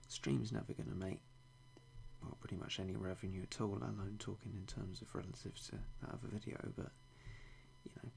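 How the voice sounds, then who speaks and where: A young British man streaming a game, talking in a hushed, half-whispered way with dry self-mocking humour. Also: lowish voice, gravelly, a little hiss or hum. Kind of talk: quiet live-stream game commentary.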